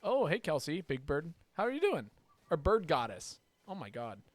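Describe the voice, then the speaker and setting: A man chatting casually while livestreaming a video game. He rambles, swears, and reacts loudly when something surprises him. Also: a little high, huge pitch swings, moderate pace. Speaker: streamer playing a video game.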